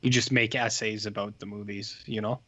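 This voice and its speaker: A man's voice: fairly low pitch, level tone, brisk, bright, forceful tone, dry recording. A man co-hosting a film podcast in casual chat, joking in a wry way. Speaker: podcast co-host.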